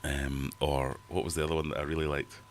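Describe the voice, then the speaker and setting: A middle-aged man with a very low voice hosts a livestream from his fish room at home. He reads out viewer comments and rambles on in a chatty, self-mocking way. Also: level tone, fairly quick, a little hiss or hum. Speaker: livestream host. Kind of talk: casual livestream chat reading viewer comments.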